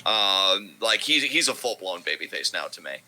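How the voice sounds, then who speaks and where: A man's voice: low voice, big pitch swings, moderate pace, bright, forceful tone, slight background noise, poor audio. A man co-hosting a stream, chatting casually while gaming, loose and rambling with lots of filler words. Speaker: co-host of a wrestling talk stream.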